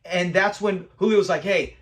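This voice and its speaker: A man hosting a casual episode review, animated and acting out lines from scenes. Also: sits high, normal speed. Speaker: show host reviewing episodes.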